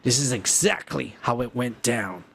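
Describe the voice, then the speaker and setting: A man's voice: mid-range voice, lively intonation, moderate pace, gravelly, a bit bright, a little hiss or hum, voice pushed down. A man putting on a mocking impression of a pompous middle-aged British male TV host, full of profanity. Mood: smug.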